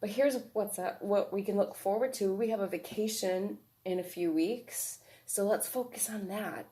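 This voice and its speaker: A woman voicing a gentle, nurturing adult who consoles a child softly and soothingly. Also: mid-range voice, normal speed, close to an everyday voice.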